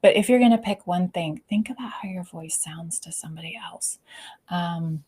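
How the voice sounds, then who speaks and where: A woman leadership coach speaking as an interview guest. She talks expressively and often drops to a soft, near-whispered tone. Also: on the low side, moderate pace, slightly rough. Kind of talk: conversational interview. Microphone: video call.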